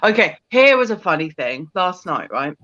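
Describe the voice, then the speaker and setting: Woman host, lively pitch swings, giggly storyteller, dull dry video-call audio. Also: moderate pace, dry recording. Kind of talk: casual chat over video call.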